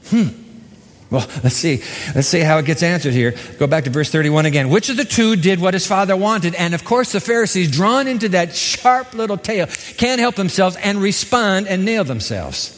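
A man's voice: sits high, moderate pace. A man preaching a sermon as pastor, dramatic and emphatic, acting out the voices in the story. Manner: dramatic, acts out quoted voices, lively emphasis. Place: church hall. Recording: long hall reverb.

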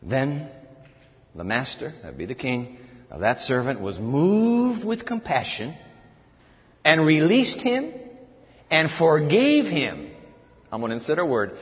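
A man preaching a sermon to a congregation, animated, acting out a pleading servant in a whiny high voice. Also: measured pace, long pauses. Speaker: pastor. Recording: dull, lo-fi audio with long hall reverb.

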